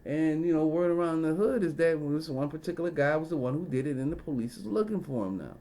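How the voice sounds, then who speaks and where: Guy ranting a story to camera, kinda high voice, cussing a lot, rambles all over with ums and you knows. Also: animated, quick pace, dark tone. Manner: profane, rambling with frequent fillers and asides. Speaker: vlogger. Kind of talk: casual storytelling rant.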